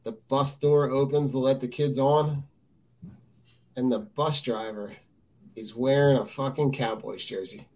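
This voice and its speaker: A man's voice: medium pitch, steady tone, a little slow, darkish tone. A man in his thirties, a podcast co-host, telling a story in casual sports chat. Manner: laid-back storyteller, short agreeing replies.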